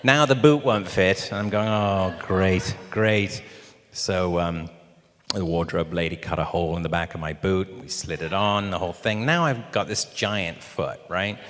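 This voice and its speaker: A British man, a guest actor, telling an animated anecdote at a live Q&A and acting out the quotes. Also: deep voice, normal speed. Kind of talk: anecdote told to a live audience. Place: large screening theater. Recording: long reverb of a cinema hall.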